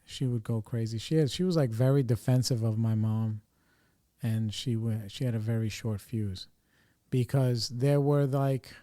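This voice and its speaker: A man's voice: mid-range voice, moderate pace, dark tone, dry recording, studio quality. A man hosting a podcast, telling family stories in a loose, rambling way full of fillers and restarts. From New York area. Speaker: podcast host. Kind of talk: casual storytelling.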